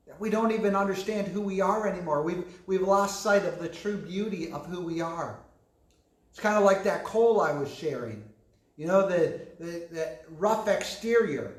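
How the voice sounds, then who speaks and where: A man, preaching a gentle, earnest sermon full of fillers. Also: high voice. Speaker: pastor. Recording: echoey room.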